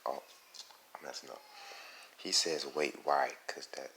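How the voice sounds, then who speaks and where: A man's voice: extremely low pitch, fairly bright tone, a little hiss or hum, poor audio. A man casually narrating a fan-made story for his channel, rambling and stopping to correct himself. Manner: rambling, self-correcting, halting. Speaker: YouTube storyteller.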